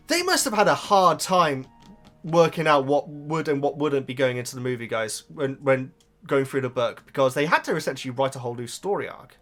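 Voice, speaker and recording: A man talks through a book in a loose, rambling way, laughing as he goes. His voice is bright and lifts and drops all over the place, and soft music plays underneath. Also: mid-range voice, lively intonation, fairly quick. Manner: rambling, enthusiastic, laughs often. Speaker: YouTube reactor. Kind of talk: casual chat, book review.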